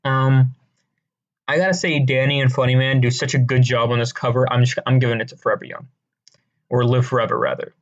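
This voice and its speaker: Man, mid pitch, casual deadpan rambler with crude humor, slightly muffled lo-fi home mic. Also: brisk. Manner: rambling, deadpan, crude jokes, many fillers and restarts. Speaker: video creator ranking songs. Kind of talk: casual comedic commentary.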